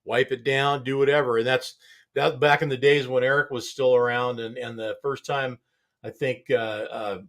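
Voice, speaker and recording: A man's voice: mid-range voice, steady tone, moderate pace, fairly bright tone. Laid-back rambling male show host. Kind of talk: casual studio chat.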